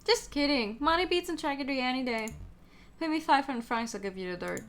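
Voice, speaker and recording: A woman's voice: high-pitched, animated, fairly quick, fairly bright tone. A woman voicing a shady male crocodile dealer in a game, brusque and impatient. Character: shady male crocodile black-market dealer, gruff and greedy.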